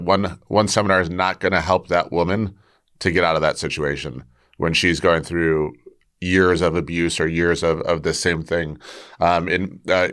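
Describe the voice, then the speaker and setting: A man's voice: deep voice, a bit bright, clean tone. A man hosting a podcast, talking with a martial arts background, thinking aloud with frequent restarts as he asks questions. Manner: restarts often, thinks aloud while asking. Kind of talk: conversational podcast interview.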